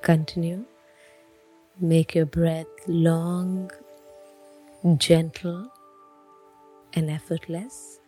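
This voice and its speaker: A woman calmly leading a guided breathing exercise, counting each breath in and out. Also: fairly low pitch, breathy edge, faint music behind. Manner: calm, counts breaths slowly. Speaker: breathing instructor.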